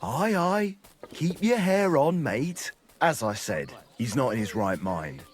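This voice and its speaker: An actor playing a crude, jolly drinking buddy in a video game, bawdy and mocking. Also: male voice, medium pitch, sing-song, takes it slowly. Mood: rowdy.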